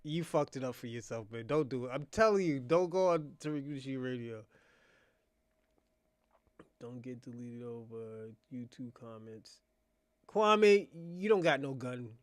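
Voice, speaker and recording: A man, hosting his own channel in a casual unscripted monologue, mocking and laughing, swinging between quiet mutters and loud outbursts. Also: a little high, animated, normal speed, few pauses, no echo.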